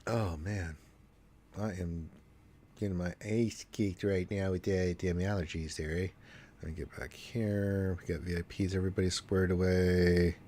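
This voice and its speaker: A man's voice: low-pitched, steady tone, measured pace, dark tone, slight background noise. A congested man with allergies, hosting a casual gaming livestream and rambling with cursing asides. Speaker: livestream host.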